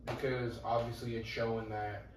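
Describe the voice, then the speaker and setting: A man's voice: medium pitch, flat delivery, normal speed, a little hiss or hum. A young man talking casually on a podcast, blunt and profane in his opinions. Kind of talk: casual chat. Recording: echoey room, mic at a distance.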